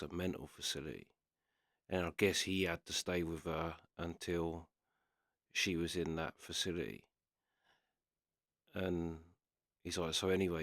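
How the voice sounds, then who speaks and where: A man with a very low voice casually retells a story, quoting his friend over and over as he goes. The recording is dry and close, with no room sound. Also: fairly bright tone, no echo. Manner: retells a story with constant "he's like" quotes. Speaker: reaction video host.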